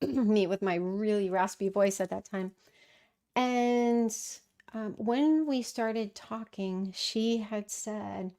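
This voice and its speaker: A woman's voice: medium pitch, takes it slowly, warm tone. A middle-aged woman hosting a casual livestream, answering viewer questions in a thoughtful way with frequent fillers and restarts. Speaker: livestream host.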